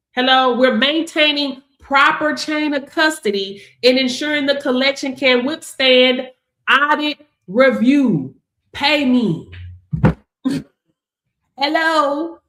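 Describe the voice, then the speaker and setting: A woman's voice: high voice, takes it slowly, a bit bright, echoey room. A woman coaching her audience in a sassy, emphatic, casual way, laughing often and calling listeners baby. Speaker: business coach. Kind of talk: casual motivational talk to camera.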